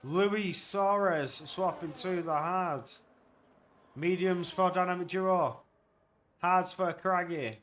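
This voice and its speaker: A man giving live commentary on an online sim race, getting loud and excited at crashes and overtakes. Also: high voice, slow pace, a little hiss or hum.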